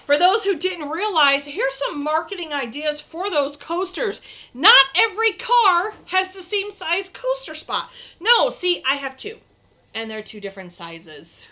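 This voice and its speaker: A woman from New York State hosts a crafting livestream with a high, bright voice. She talks casually and keeps up a chatty stream of tips as she shows her work to the camera. Her tone is crisp and forward. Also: big pitch swings, unhurried.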